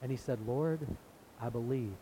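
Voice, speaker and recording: A man's voice: mid-range voice, normal speed, dark tone, slight background noise, rough recording. A man preaching a sermon in an earnest way, now and then acting out the voices of people in the story. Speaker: pastor.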